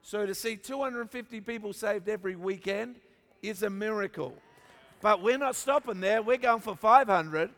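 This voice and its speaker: An Australian pastor with a high-pitched voice preaches to a church crowd, mixing humor with emphatic, repeated build-ups. His words carry a long reverb from a large hall. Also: normal speed, a bit bright. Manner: storytelling with humor, emphatic repetition. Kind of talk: sermon.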